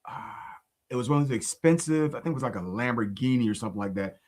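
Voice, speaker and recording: A man's voice: medium pitch, quick pace. A man co-hosting a faith podcast in casual chat. His mid-range voice rises and falls a lot as he tells indignant stories. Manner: animated, indignant storyteller. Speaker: podcast co-host.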